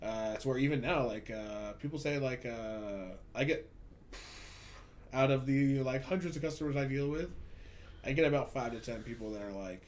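A man's voice: mid-range voice, moderate pace, a little hiss or hum. Profane ranting man, casual podcast. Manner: profane, ranting, animated storytelling. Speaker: podcast host. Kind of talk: casual chat. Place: Hollywood.

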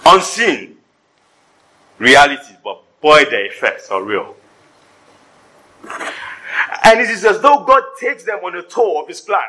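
Man preaching, high bright husky voice, animated sermon with wry jokes. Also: measured pace, long pauses, rough recording. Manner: animated preaching with humorous asides. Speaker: pastor. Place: church service before a congregation.

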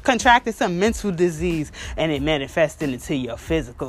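A woman's voice: low voice, sing-song, moderate pace, few pauses, a bit bright, soft background music. A woman hosting a podcast, ranting bluntly and mockingly in casual chat, full of profanity. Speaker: podcast host. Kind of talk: casual opinion rant.

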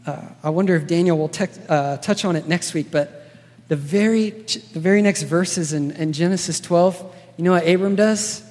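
A man delivers a conversational sermon in a casual, earnest way, often checking in with listeners by asking "right?" His voice is fairly high and a little mellow, at a moderate pace. The long reverb of a large hall fills the recording.

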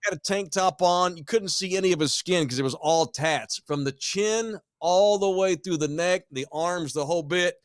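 High-voiced man telling a wild story. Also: normal speed, few pauses, dry recording, clean studio sound. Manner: animated, profane, acting out the dialogue. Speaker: podcast host. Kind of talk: storytelling chat.

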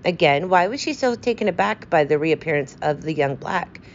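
A woman voicing a fussy, precise male detective with a brisk, self-assured way of talking. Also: deep voice, lively intonation, dull audio, slight background noise.

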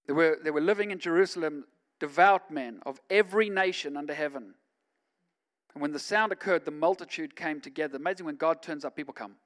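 A man, a pastor, preaching a sermon in a conversational way that swings from quiet asides to loud, emphatic stretches. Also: fairly high pitch, fairly quick.

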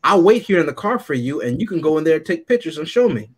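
A man's voice: a little high, sing-song, fast, breathy edge. A man casually chatting as a podcast co-host, telling stories with animation and laughing often. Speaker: podcast co-host reviewing a movie. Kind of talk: casual chat.

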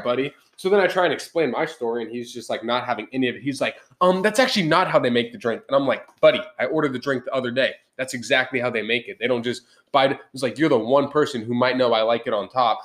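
A man's voice: medium pitch, a bit bright. A young man hosting a podcast, telling a heated story in casual chat. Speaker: podcast host. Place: podcast room.

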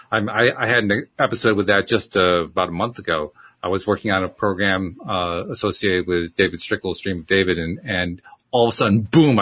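A man's voice: fairly low pitch, bright, forceful tone, husky. A man hosting an interview, chatty and telling a personal story with some restarts. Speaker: podcast host. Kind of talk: conversational interview.

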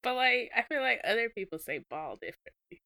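Southern-accented woman co-host, laughs easily, loses her thread, bright, lively delivery. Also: on the high side, a little fast, dry recording, clean studio sound. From American South. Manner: laughs often, trails off mid-thought. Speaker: podcast co-host. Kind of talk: casual chat.

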